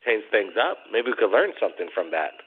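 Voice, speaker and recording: A man's voice: fairly low pitch, big pitch swings, fairly quick, husky. A man hosting a call-in radio show, chatting casually and rambling, repeating his questions to callers. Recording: tinny phone-like audio.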